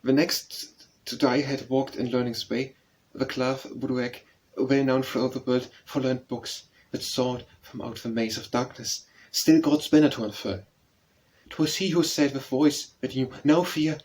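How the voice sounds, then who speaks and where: A man reading a narrative poem aloud as an audiobook narrator, in a measured, solemn recitation. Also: medium pitch, fairly even intonation, a little mellow, poor audio.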